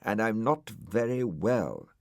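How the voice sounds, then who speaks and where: A man's voice: fairly low pitch, big pitch swings, slow, creaky, no echo, studio quality, exaggerated voice. A man reading a storybook aloud and voicing a grumpy, sleepy male dog who grumbles and stammers when nervous. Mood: grumbling.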